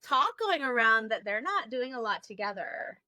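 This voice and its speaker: A woman's voice: a little high, big pitch swings, normal speed, sharp tone, dry recording. A woman in her forties, a podcast co-host, chatting casually in a frank, gossipy way. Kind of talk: casual chat.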